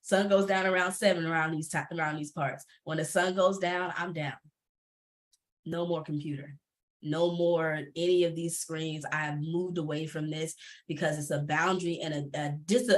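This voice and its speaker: A woman with a Southern US accent speaking candidly as a panelist on a video call, expressive and emphatic, laughing often. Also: fairly low pitch. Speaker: panelist, business coach.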